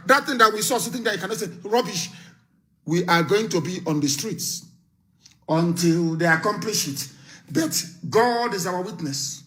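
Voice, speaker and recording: A man's voice: sits high, animated, normal speed, bright, forceful tone. A man giving a live political broadcast speech as an activist leader, fiery, scornful and emphatic, repeating his warnings. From Nigeria.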